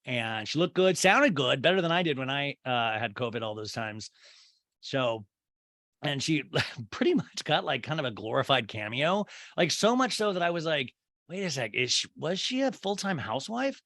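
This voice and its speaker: A man's voice: medium pitch, expressive, moderate pace, a bit bright, no echo, studio quality. A man hosting a comedy podcast, rambling through a crude, joking recap monologue. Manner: rambling, crude, swings into silly voices. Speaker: podcast host.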